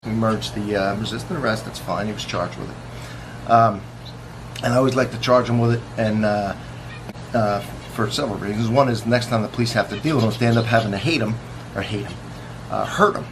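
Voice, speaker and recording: A police officer talking casually to the camera in a boastful, contemptuous way. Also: male voice, lowish voice, a little fast. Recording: noisy recording.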